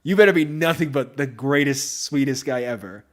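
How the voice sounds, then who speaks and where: A man hosting a podcast in casual chat, rambling and excitable, with many fillers. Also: medium pitch, normal speed. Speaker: podcast host.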